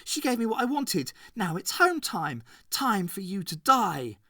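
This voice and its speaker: Mocking armoured teen boy, high and wheezy with laughter, dry close read, a male narrator doing the voice. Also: big pitch swings, a little slow, bright, forceful tone, dry recording, heavily acted. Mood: menacing. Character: bored cruel teenage boy in armour, mocking.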